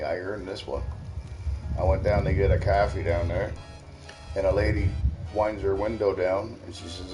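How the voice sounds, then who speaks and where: A man's voice: low-pitched, level tone, normal speed, long pauses, over music, poor audio. A man from Cape Breton with a Cape Breton accent, telling a folksy story to viewers outdoors in the snow. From Cape Breton, Nova Scotia, Canada. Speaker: vlogger.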